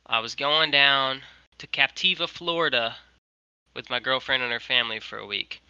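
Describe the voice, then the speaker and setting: A young man tells a long, animated anecdote over a video call and keeps slipping into what people said. His voice is very bright and edgy. The audio is dry and close, with no room around it. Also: mid-range voice, moderate pace, clear, resonant tone, no room sound, poor audio. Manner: rambling, animated, quotes people. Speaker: guest, merch designer. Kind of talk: casual storytelling.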